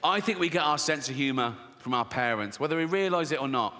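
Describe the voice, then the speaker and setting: A man's voice: on the high side, lively intonation, fast talker. Stand-up man in an echoing arena. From England. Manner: dark, sardonic storytelling, acts out characters. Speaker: stand-up comedian. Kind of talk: stand-up comedy set. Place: arena stage with audience laughter. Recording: live arena hall with loud crowd noise.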